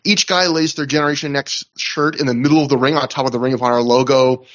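On a lo-fi recording, a male podcast host with a medium-pitched, fairly even voice talks quickly as he recaps wrestling shows. He's casual and chatty, tossing in asides and laughs as he goes.

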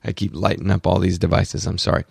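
A man hosting a solo tech podcast, talking in an excitable, rambling way and correcting himself, bothered by allergies. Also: deep voice, fast, vocal fry, breathy edge, dry recording, studio quality. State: allergies, throat clearing. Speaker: podcast host.

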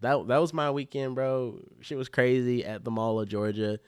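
A man's voice: mid-range voice, fairly even intonation, moderate pace, darkish tone, smooth, no room sound, studio quality. Laid-back young guy telling a story. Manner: laid-back slangy storyteller, swears freely. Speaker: podcast co-host. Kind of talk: casual chat, storytelling.

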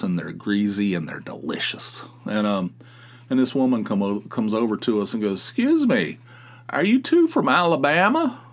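A man with a slight West Virginia accent, hosting a podcast in a rambling, wry, profane monologue. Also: on the low side. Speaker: podcast host. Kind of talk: casual monologue.

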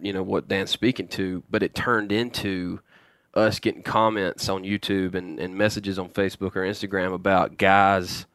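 Brief: low, gravelly but smooth male guest, halting storyteller, dry close mic. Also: little pitch movement, fairly bright tone, dry recording. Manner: halting, many restarts and repeated words. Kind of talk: casual storytelling in a podcast interview.

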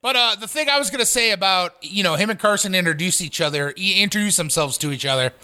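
A man's voice: high voice, fast talker, pushed and bright. A man who co-owns a wrestling promotion, chiming in with asides during casual podcast chat.

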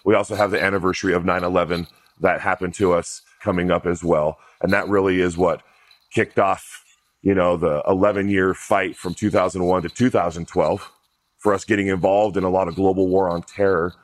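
Male podcast host, low voice, dry close sound, easygoing and chatty. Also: level tone, fairly quick, no echo. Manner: loose, conversational, many fillers and restarts. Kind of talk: casual interview.

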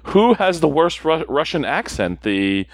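A man's voice: a little high, very animated, a little slow, no echo. A man co-hosting a casual podcast chat, teasing and laughing often. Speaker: podcast co-host.

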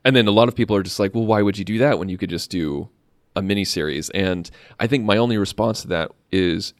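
A man's voice: on the low side, fast, no room sound, clean studio sound. A man co-hosting a podcast in casual chat, rambling with fillers and restarts. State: slight cough. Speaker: podcast co-host.

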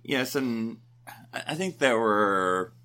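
A man's voice: mid-range voice, animated, slow pace, sharp tone. A man in his forties from the United States, co-hosting a podcast in casual, digressive, upbeat chat. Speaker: podcast co-host.

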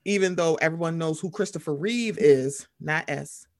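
A female podcast co-host chats casually, animated and profane. Her pitch and volume swing quickly.

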